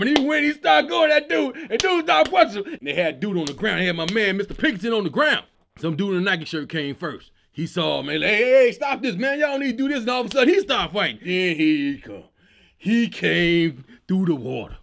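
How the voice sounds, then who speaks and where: Male comedian host, high and very animated pitch, excitable storyteller. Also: moderate pace, creaky, slight background noise. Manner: loud, excitable storytelling with acted-out quotes and laughter.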